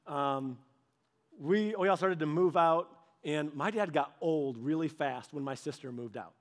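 Animated high-voiced male preacher. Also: a little slow. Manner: animated, acts out little dialogues; conversational, with casual fillers. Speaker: pastor. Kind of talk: sermon.

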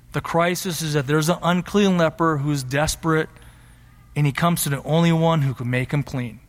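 A man's voice: high-pitched, a bit bright, in a large hall. A man preaching a sermon as pastor, emphatic and repeating his key phrases.

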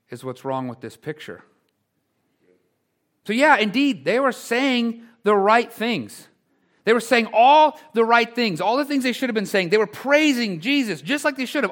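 A male pastor preaching a sermon in a conversational way, full of rhetorical questions, dropping to quiet asides and rising to loud exclamations. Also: sits high.

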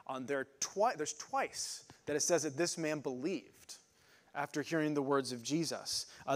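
A man preaching an informal sermon, explaining Bible words in a halting, conversational way with many fillers and restarts. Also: fairly high pitch. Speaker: pastor.

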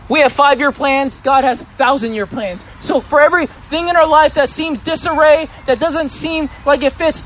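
A male pastor with a very high, fairly bright voice preaches a sermon conversationally, frequently putting questions to the congregation.

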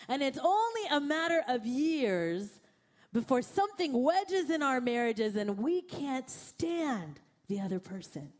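Young woman pastor, high voice, animated storytelling sermon, acts out her own quotes. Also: a little slow.

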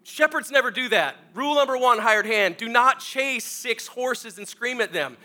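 Animated, bright-voiced male pastor storyteller. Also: very high-pitched, normal speed. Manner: animated, self-mocking storyteller acting out scenes. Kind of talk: comic storytelling sermon.

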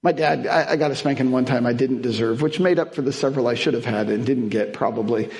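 A man's voice: mid-range voice, quick pace, a little mellow. A man preaching a sermon as guest speaker, mixing family stories and humor with Bible verses, building to emphatic peaks. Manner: storytelling with humor, chuckling, rising emphatic peaks.

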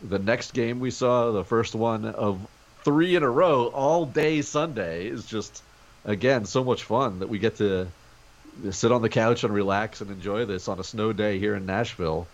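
A man's voice: on the low side, moderate pace, dull audio. A man co-hosting a sports podcast from home over a video call, talking energetically in casual chat. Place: home during a snow day.

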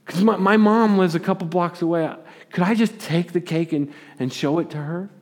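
A man's voice: high-pitched, normal speed. A man voicing a timid, hesitant woman in her late thirties in a spoken story, with long hall reverb. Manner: hesitant, hushed.

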